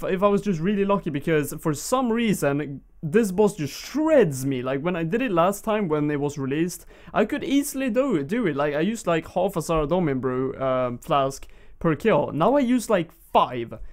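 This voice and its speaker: A man's voice: a little high, darkish tone. A young man with a Swedish accent, giving casual, rambling commentary over gameplay on his channel, with frequent fillers. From Sweden. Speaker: gaming YouTuber.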